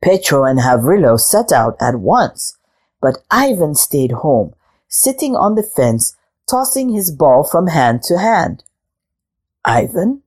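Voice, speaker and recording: A woman reading a picture book aloud in a slow, expressive storytelling manner. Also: low voice, husky.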